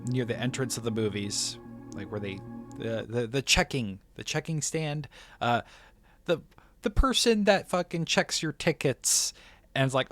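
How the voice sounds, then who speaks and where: A man's voice: medium pitch, a little slow, a bit bright, dry recording, faint music behind. Rambling man telling a casual movie-day story. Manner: rambling, frequent restarts and self-corrections, laughs at himself. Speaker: movie reviewer.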